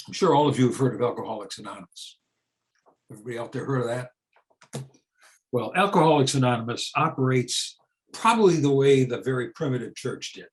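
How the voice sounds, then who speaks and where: A man in his seventies from the United States talks to an audience without a script, in a voice of ordinary middle pitch. He gropes for words, breaks off and restarts, and fills pauses with ums. Then he lands points bluntly with questions he answers himself. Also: rough recording. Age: 70s. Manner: conversational and searching, with frequent restarts and fillers; plain-spoken, rhetorical questions answered himself. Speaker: speaker on church reform. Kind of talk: unscripted talk to an audience.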